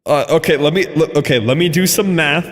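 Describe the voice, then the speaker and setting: A man livestreaming and chatting with viewers, excitable and laughing often, with quick asides to chat. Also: a little high. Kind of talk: live stream chatter reading chat.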